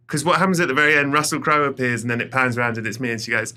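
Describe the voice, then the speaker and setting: A middle-aged English man, a podcast guest, telling stories with lively acted-out quotes. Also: mid-range voice, very fast, hardly any pauses, clear, resonant tone. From England. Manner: animated storyteller, acts out quoted lines. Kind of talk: casual podcast chat.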